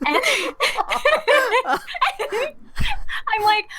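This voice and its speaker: A young woman telling a story on a podcast, animated and laughing often as she acts out what people said. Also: very high voice, slow pace, long pauses, noisy background. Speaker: podcast guest. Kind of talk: casual storytelling chat.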